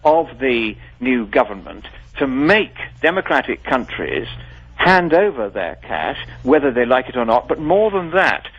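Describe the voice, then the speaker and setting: A man's voice: medium pitch, big pitch swings, measured pace, fairly bright tone, breathy edge. A man being interviewed on the radio, speaking in an articulate, formal and emphatic way. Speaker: guest. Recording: dull lo-fi radio broadcast.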